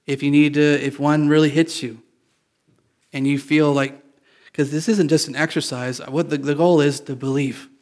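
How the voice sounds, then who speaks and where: A man's voice: on the high side, a little mellow. A male pastor giving a conversational sermon, often restarting his sentences and making light jokes. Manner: conversational, self-correcting, joking.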